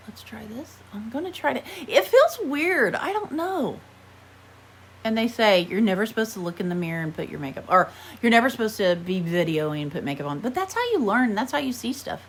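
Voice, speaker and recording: This is an American woman rambling her way through a casual makeup haul vlog, poking fun at her own clumsy attempts. Her voice sits at an ordinary middle pitch but swings up and down in a lively way. A faint background noise runs under her talk. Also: fairly quick. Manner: chatty, rambling, self-deprecating. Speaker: vlogger.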